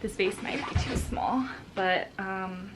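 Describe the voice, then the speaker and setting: A young woman vlogging casually to her viewers, excitable and nervous as she talks through her plants. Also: medium pitch, slow, music in the background. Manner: excitable and nervous, gasping and laughing often. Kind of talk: casual vlog chat.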